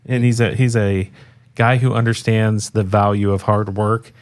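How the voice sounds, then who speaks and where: A man's voice: on the low side, fairly even intonation, moderate pace. A man co-hosting a podcast, talking in a laid-back, rambling way with many restarts. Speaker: podcast co-host. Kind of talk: casual chat.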